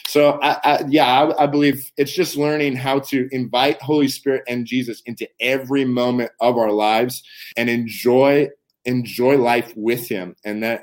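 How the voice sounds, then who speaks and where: A man talks earnestly about his faith, in a voice of middling pitch for a man. He speaks fervently and conversationally, often doubling words as he reaches for the next thought. It sounds like an unscripted interview answer rather than a prepared sermon. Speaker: guest minister. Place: Canada.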